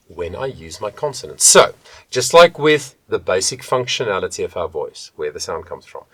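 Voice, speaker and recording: A man working as a vocal coach, teaching vocal technique to the camera and shifting between soft and loud demonstrations. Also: fairly low pitch, husky, no room sound.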